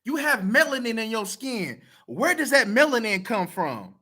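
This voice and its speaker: A man talks straight to his audience, blunt and profane. His voice is bright and lively, with pitch that swings widely as he presses each point. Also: normal speed, slightly rough. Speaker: video commenter. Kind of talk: casual talk to camera.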